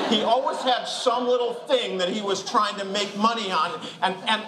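An older man delivers a relaxed, joking sermon and laughs easily between phrases. His voice sits high. The church around him rings with echo, and a steady hum of noise runs underneath. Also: normal speed. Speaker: guest preacher. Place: church sanctuary. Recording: echoey room with background noise.

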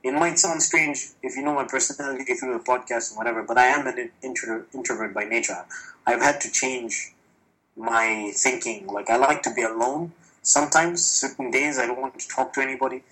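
A man's voice: mid-range voice, a little fast, bright, forceful tone, poor audio. A man chatting casually on a podcast, candid and profane, telling stories with animation. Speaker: podcast guest. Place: lives in China, recorded remotely or in a room.

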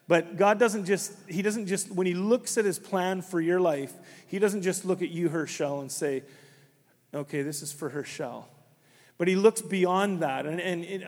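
A man preaching a conversational sermon as a pastor, telling stories with many restarts. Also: fairly high pitch. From Canada. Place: church. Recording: long hall reverb.

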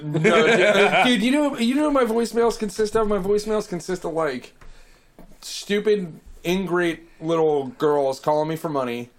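Animated swearing young man telling stories. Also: normal speed. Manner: animated storyteller, acts out quotes with big pitch jumps, swears. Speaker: podcast co-host. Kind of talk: casual chat.

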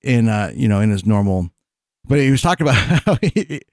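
A man's voice: lowish voice, very animated, fairly quick, darkish tone, no echo, studio quality. A man in casual chat, telling long rambling stories full of fillers and restarts, laughing as he goes. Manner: rambling storyteller, many fillers and restarts, laughs mid-sentence.

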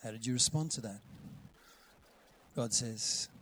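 A man preaching a sermon in a conversational way, acting out quoted voices and dropping to a hush for gentle lines. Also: medium pitch, measured pace, a little hiss or hum. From Australia. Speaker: pastor.

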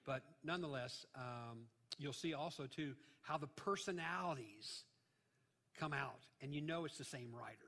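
A man with a high, bright, forceful voice teaches through a sermon in a chatty, animated way. He drops jokes and acts out voices in his retellings. The sound carries a long reverb from a large church hall. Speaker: pastor. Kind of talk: conversational Bible-teaching sermon. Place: church sanctuary.

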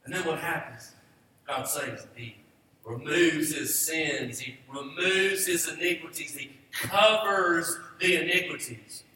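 A man's voice: on the high side, measured pace, bright, forceful tone, slight background noise. Emphatic preaching man in an echoey hall. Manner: emphatic preaching with repeated rhetorical questions. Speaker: pastor. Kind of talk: sermon. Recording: distant echoey church hall.

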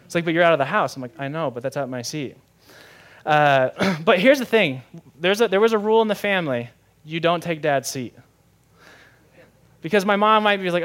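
A young man preaching a sermon in a lively, conversational way, often asking the audience questions. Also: a little high, quick pace. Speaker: pastor.

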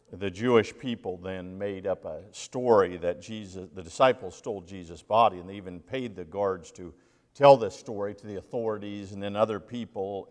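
A male minister delivers a sermon in a church sanctuary, his voice sitting on the low side. He reads scripture aloud with dramatic pauses and emphasis. A long reverb from the large hall trails after each phrase. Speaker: interim lead minister.

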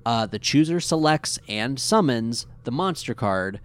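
A man's voice: mid-range voice, measured pace, smooth. A male podcast host walks through an episode's plot in an easygoing, rambling way, full of "uh" and "like". His voice sits in a middle register but swings up and down a lot as he narrates. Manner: animated, rambling with fillers. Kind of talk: casual recap chat.

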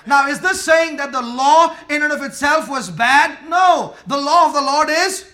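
Male preacher, very high voice, bright, emphatic sermon, call and response. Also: moderate pace. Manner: emphatic, call-and-response, drops to quiet then shouts. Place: church with congregation.

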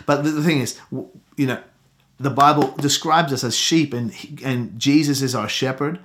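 A man preaching a sermon earnestly, slowing down to stress the scripture he reads. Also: mid-range voice, steady tone, fairly bright tone.

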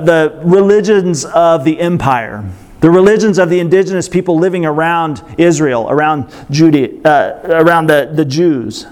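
A man's voice: a little high, darkish tone. A man preaching a sermon in a conversational way, breaking off into asides and fillers. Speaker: pastor.

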